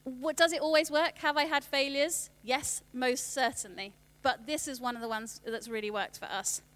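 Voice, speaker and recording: Woman in her 30s giving a church workshop, fairly high voice, chatty with lots of asides and restarts. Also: a bit bright. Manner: chatty, quick asides and self-correcting restarts. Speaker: children's ministry speaker. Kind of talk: workshop talk.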